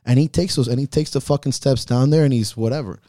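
A man's voice: mid-range voice, fast talker, mellow, dry recording, clean studio sound. A man hosting a podcast, telling heartfelt personal stories in casual talk full of swearing. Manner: profane, heartfelt storytelling. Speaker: podcast host.

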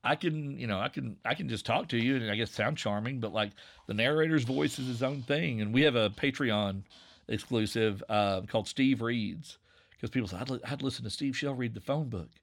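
A man in his forties from Southwest Virginia with an Appalachian accent and a slightly nasal voice, chatting casually in a relaxed, rambling way. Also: mid-range voice, brisk, gravelly. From Southwest Virginia, USA. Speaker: podcast creator and narrator. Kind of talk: casual conversation.

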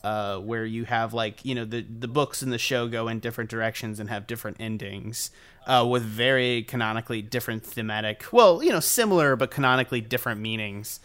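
A man with a smooth, resonant voice talks in a loose, excitable way on a group podcast. He throws in swear words and plenty of filler words as he argues his point. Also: medium pitch, a little fast. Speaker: podcast panelist. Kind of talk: casual group chat.

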